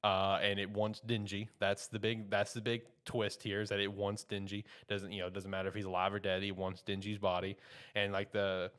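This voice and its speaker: Rambling laid-back man, lowish voice. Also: completely flat delivery, moderate pace, fairly bright tone, clear, resonant tone. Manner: loose and rambling, full of "you know" and "like". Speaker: podcast co-host reviewing anime. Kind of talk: casual chat.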